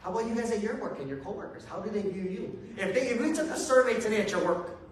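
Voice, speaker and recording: Male preacher, high register, loose and self-mocking, heard far off in a very echoey hall. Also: expressive, fast talker, a little hiss or hum. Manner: casual, self-deprecating, chuckling asides. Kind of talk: conversational sermon. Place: church hall with a congregation.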